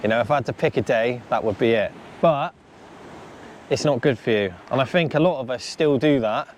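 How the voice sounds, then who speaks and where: A man's voice: mid-range voice, a little fast, a little hiss or hum. A man hosting a fishing vlog, chatting casually and upbeat as he gives friendly advice outdoors on a beach. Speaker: angler and channel host.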